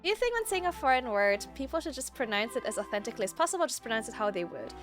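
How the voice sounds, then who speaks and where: A woman streamer whose first language is French chats casually over her gameplay, rambling from one thought to the next and laughing easily. Her voice sits a little high and bounces widely, and faint game music plays underneath. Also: sing-song, very fast.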